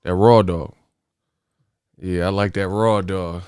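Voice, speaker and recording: A man hosts a boxing live stream, profane and joking. His voice is smooth and clear on a close, dry mic. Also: fairly low pitch, measured pace, no echo. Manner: profane, laughing, animated rants. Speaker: boxing channel host. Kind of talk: casual live-stream chat.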